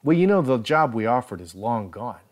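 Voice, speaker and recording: Brief: male narrator playing a calm, reserved studio head, middle-pitched. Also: moderate pace. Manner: quiet, reserved.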